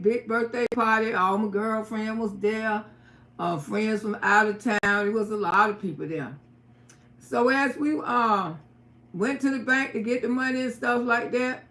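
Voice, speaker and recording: Woman streamer, high voice, profane and animated, echoey room. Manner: profane, animated, laughs and cries while telling. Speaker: live-stream host. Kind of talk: storytelling to viewers. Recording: roomy echo.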